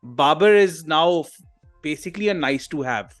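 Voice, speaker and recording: Male podcast panelist, frank and critical, slightly high voice. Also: expressive, normal speed, a bit bright, soft background music. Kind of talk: casual podcast discussion.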